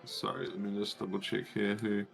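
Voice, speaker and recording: A man narrating a tabletop game as game master, pausing often with ums. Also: lowish voice, flat delivery, vocal fry, faint music behind. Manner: hesitant, many ums.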